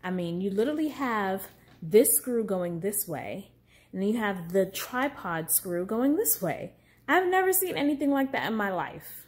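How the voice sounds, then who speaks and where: A woman chatting casually in a vlog, expressive and excitable, with emphatic warnings, in her apartment. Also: mid-range voice, moderate pace. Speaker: vlogger. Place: apartment room at night. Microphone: phone on ring light mount.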